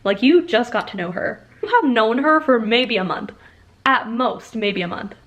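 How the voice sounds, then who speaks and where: A woman's voice: on the high side, expressive, moderate pace, a bit bright. Chatty young woman vlogging about a book. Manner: chatty, exasperated reactions, filler-heavy. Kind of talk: casual reading vlog.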